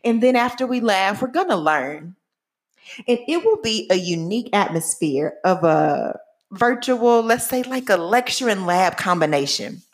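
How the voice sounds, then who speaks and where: A woman in her forties from Texas, speaking with a Texan accent. She opens her own podcast as host, lively and playful, stressing words with emphasis. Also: medium pitch, measured pace. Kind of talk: enthusiastic podcast intro.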